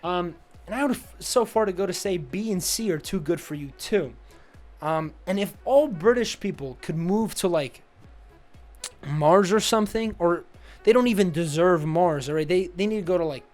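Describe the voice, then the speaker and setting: A man's voice: fairly high pitch, darkish tone. A young man from the United States, casually roasting friends' photos in a chatty, teasing way. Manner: teasing, chatty, full of "you know"s. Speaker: comedic tier list host. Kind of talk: casual comedic commentary.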